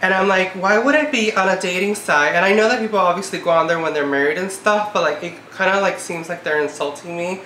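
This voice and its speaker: A woman in her twenties talks through a casual vlog, her words full of "like" and a note of exasperation. Her voice has a bright, sharp edge. The recording has a roomy echo. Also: on the low side, fast, hardly any pauses, a little hiss or hum. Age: 20s. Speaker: vlogger. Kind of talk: casual chat. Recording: echoey room.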